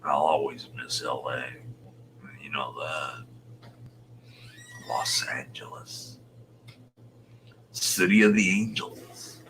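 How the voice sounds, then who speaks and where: A man in his sixties from Utah, a show host chatting casually with viewers, rambling and muttering soft half-whispered asides. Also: very deep voice, expressive, takes it slowly, long pauses, background noise. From Utah, USA. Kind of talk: casual livestream chat.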